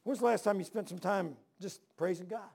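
A man's voice: sits high, a little fast, creaky, darkish tone, slightly rough. A middle-aged male pastor preaching a sermon, telling stories and firing rhetorical questions with emphasis.

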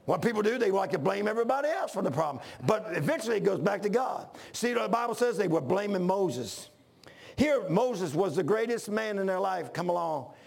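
A man from Washington, D.C., preaching a sermon in a fervent, folksy way, often shouting and calling listeners "man". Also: sits high, lively intonation, fairly quick, gravelly. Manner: folksy, says "man" a lot.

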